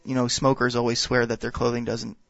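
A man appearing as a guest expert, explaining wine and whiskey in a casual, halting way. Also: medium pitch, monotone, creaky, fairly bright tone, no echo. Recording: dull, dry sound.

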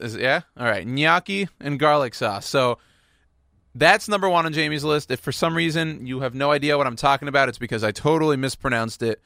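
Bright-voiced playful radio host man. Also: medium pitch, no room sound, studio quality. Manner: rambling and playful, self-mocking. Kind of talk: casual radio chat. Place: radio studio. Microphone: studio microphone.

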